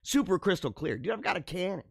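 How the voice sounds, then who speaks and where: In a high-ish, bouncy voice that swings up and down, this man hosts a live online show, chatting casually while reading viewer comments. He talks fast with vocal fry and a breathy edge, laughing a lot and tossing around "dude", "bro" and "man". The dry recording sounds close, with no room behind it.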